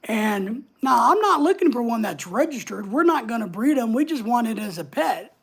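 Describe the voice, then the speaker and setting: A woman's voice: a little high, big pitch swings, moderate pace, creaky, few pauses, slightly rough. A woman hosting a casual livestream, chatting away and answering viewer comments as they come in. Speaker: livestream host.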